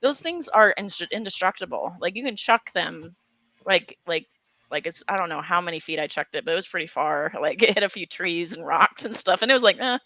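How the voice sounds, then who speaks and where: A young woman telling an animated story in casual chat, full of fillers and restarts. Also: fairly low pitch, a little fast, no room sound.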